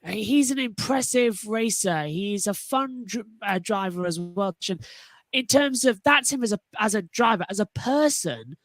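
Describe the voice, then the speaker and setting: A woman's voice: mid-range voice, lively intonation, a little slow, no echo. A woman on a motorsport panel talking enthusiastically and animatedly, often restarting her sentences. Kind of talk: casual panel discussion.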